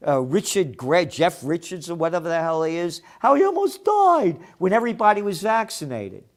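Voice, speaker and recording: A man hosts his own commentary show and tears into the day's headlines. His voice sits a little high, and his tone is blunt and mocking. He swears freely when he gets heated. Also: sing-song, normal speed. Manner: blunt, profane and sarcastic, with heated outbursts. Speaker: host of a trends commentary show. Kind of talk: opinionated news commentary.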